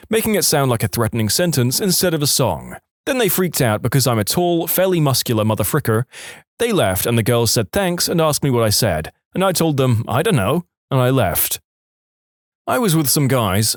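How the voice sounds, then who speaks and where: Man reading stories with a lively pitch. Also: dry recording, clean studio sound. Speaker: narrator of reader stories. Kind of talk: scripted narration.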